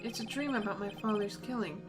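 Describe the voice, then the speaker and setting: A woman's voice: medium pitch, brisk, music in the background, voice pushed down, close to an everyday voice. A woman reading game dialogue aloud, voicing a troubled young male prosecutor who recounts a nightmare in a grave, hesitant way.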